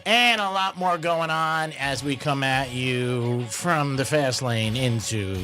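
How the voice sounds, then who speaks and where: A man hosting a morning radio show from a studio, easygoing and quick to laugh, taking teasing in stride. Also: mid-range voice, pushed and bright, faint music behind. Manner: easygoing, laughs often, apologetic. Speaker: radio host. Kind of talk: casual morning radio chat. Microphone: studio microphone.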